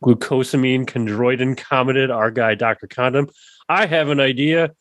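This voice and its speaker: A man's voice: mid-range voice, fairly even intonation, moderate pace, dry recording. A man co-hosting a sports podcast in casual chat, joking and laughing easily. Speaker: podcast co-host.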